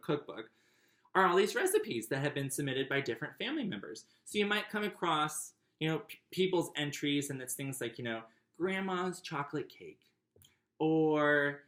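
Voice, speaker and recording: Man, memoir narration, chatty, relaxed fillers, roomy echo. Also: a little high. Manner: chatty and warm, with frequent fillers and laughs. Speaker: memoir author.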